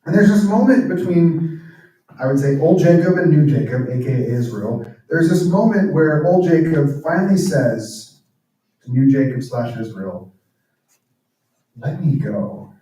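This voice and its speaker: A man's voice: fairly high pitch, animated, normal speed, dark tone. A man giving a reflective talk at a church as a guest speaker, earnest and at times dropping to near-whispers. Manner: earnest, drops to near-whispers on emotional points. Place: church hall. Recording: very echoey room, speaker far from mic.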